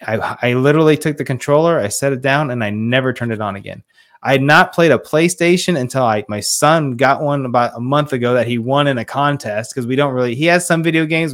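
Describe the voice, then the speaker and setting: A man in his forties talks earnestly as a podcast guest, a fatherhood coach retelling a moving story. His voice sits at an ordinary middle pitch and he gets audibly emotional, slipping into the voices of the people he quotes. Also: a bit bright. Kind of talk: casual interview storytelling.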